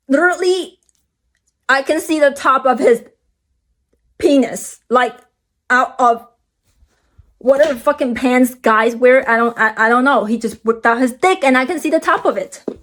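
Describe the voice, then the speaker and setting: A woman's voice: moderate pace, long pauses. Young woman rambling through a storytime. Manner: rambling, filler-heavy, many restarts and "like"s; animated, jumps high when excited. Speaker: vlogger.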